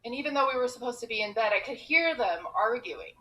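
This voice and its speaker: A comedian from Iran telling a personal story with expressive, quick comic timing. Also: female voice, on the high side, rough recording.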